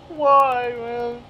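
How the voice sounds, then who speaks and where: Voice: medium pitch, sharp tone, muffled recording, slight background noise. A gaming channel host giving emotional let's-play commentary, reacting aloud and laughing between remarks.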